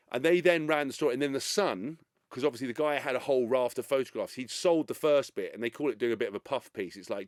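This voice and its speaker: A man, a podcast guest telling a story in casual chat, animated and swearing freely. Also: medium pitch, quick pace, no room sound, studio quality. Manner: animated, swears freely, acts out quotes in other voices.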